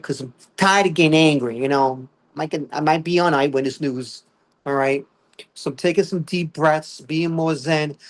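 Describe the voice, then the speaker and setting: A middle-aged man, doing a rambling stand-up set full of fillers and "all right?" check-ins. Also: on the high side. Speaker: stand-up comedian.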